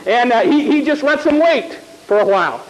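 Male preacher, very high voice, folksy animated storyteller. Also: moderate pace, low-quality recording. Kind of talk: sermon.

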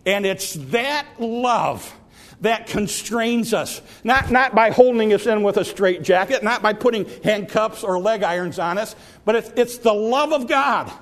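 A man preaching a sermon, repeating and stretching key phrases, sometimes sinking to a hush and sometimes rising to a cry. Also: high-pitched, animated. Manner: drawn-out emphatic phrases, dropping to near whispers; repeats phrases and stumbles on restarts.

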